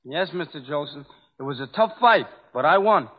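A man's voice: on the high side, moderate pace, heavy background noise. Teen boy playing grown-up on old radio. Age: teens. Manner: mock-grown-up, earnest, deadpan. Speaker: guest. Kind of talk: scripted radio comedy banter. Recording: dull old radio recording with long hall reverb.

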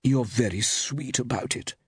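A man reading aloud, voicing a glamorous, gushing actress with affected, drawn-out endearments. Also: mid-range voice, sing-song, darkish tone, slightly rough, no room sound, clean studio sound, voice pushed up.

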